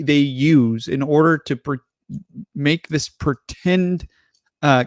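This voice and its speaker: A man's voice: fairly high pitch, no room sound, clean studio sound. A male podcast co-host ranting about politics with heavy profanity. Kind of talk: crude political banter.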